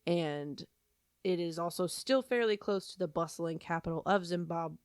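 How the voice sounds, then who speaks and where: A woman with a somewhat low voice tells a story as a podcast co-host, chatty and self-deprecating, with plenty of ums and likes. The sound is dry and close, with no room echo. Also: moderate pace, clear, resonant tone.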